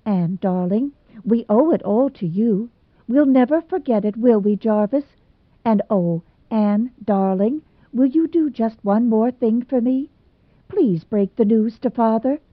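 Casting: woman as a timid young bride, high, breathless and pleading, on a tinny dry line. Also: unhurried, dry recording. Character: timid plump young bride, tearful and fretful. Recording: dry tinny phone-like sound.

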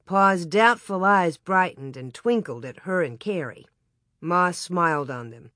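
An audiobook narrator reading a children's story aloud in an even, clear way. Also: mid-range voice, measured pace, no echo, clean studio sound.

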